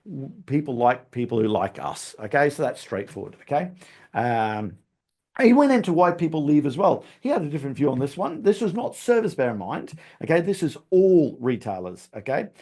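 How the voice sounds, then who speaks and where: Guy doing a podcast recap, kinda high voice that bounces around a lot, says okay every other line, coachy. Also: sing-song, normal speed, darkish tone. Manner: chatty, repeats "okay?" often, coaching tone; laughs at his own stumbles. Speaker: podcast host.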